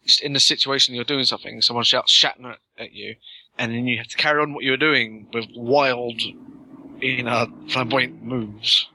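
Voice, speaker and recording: A man's voice: mid-range voice, fairly even intonation, normal speed, bright, forceful tone, low-quality recording. A man co-hosting a casual podcast, chiming in with short, wry remarks. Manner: wry, brief interjections. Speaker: podcast co-host.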